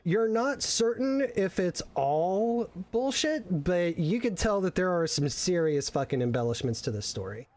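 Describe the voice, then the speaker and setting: A man runs a tabletop horror game, narrating in a loose, rambling way full of restarts. His voice sits slightly high for a man. He talks casually to his players. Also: lively intonation, a little slow, few pauses, a little mellow. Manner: rambling, many fillers and restarts. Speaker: game master.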